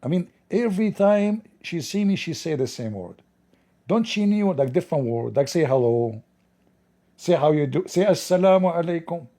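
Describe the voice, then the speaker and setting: Gravelly, dark-voiced man mocking on stream. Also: a little high, lively intonation, normal speed. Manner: sarcastic, mocking; non-native English grammar. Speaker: livestream host. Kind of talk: livestreamed commentary.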